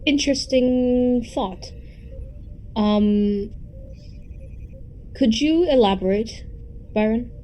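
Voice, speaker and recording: A woman playing a ship captain in a tabletop game, measured and commanding. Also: a little high, warm tone, a little hiss or hum, poor audio. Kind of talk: tabletop role-play.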